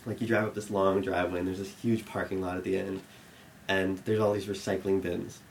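A young man telling a rambling story to an audience, full of fillers, growing animated and laughing as it builds. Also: low voice, fairly quick, creaky, a little hiss or hum.

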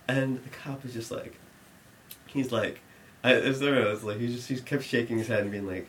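A man's voice: mid-range voice, steady tone, a little fast, a little hiss or hum. A young man telling a long funny story, rambling with many restarts and laughing at his own lines. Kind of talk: live storytelling.

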